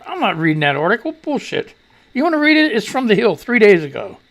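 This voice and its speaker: Animated, gravelly male news ranter. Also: sits high, brisk. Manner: loose, profane, animated ranting. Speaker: talk show host. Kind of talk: casual live news commentary.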